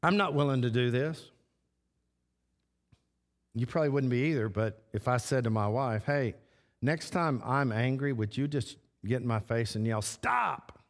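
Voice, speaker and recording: A man preaching a sermon as pastor, slow and repetitive, stressing short phrases again and again. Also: mid-range voice. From Texas. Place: church sanctuary. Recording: long church hall reverb.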